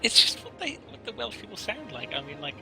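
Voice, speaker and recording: A man's voice: high voice, very animated, brisk, gravelly, bright, forceful tone, faint music behind. A man co-hosting a casual podcast chat, rambling and playful with lots of fillers. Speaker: co-host.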